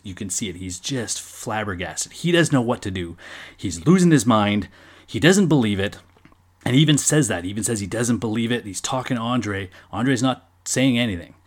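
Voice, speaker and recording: A middle-aged man telling a story in a casual monologue, animated and swearing freely, now and then acting out loud bursts. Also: on the low side. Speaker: storyteller recalling watching wrestling as a kid.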